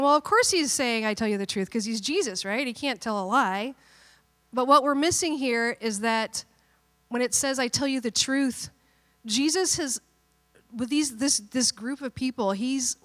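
Woman preacher with a fairly high voice, playful and lively, acting out quotes. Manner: animated, playful, acts out quotes. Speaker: pastor. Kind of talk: sermon.

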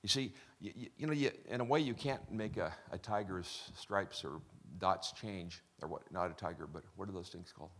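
A man's voice: sits low, moderate pace, few pauses, slightly rough. A middle-aged man preaching a chatty, joking sermon as pastor, with many restarts.

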